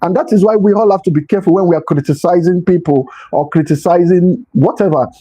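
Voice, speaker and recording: Husky, earnest man giving a talk. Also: high voice, quick pace, warm tone, poor audio. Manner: earnest, repetitive, pleading. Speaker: leadership speaker. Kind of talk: motivational talk.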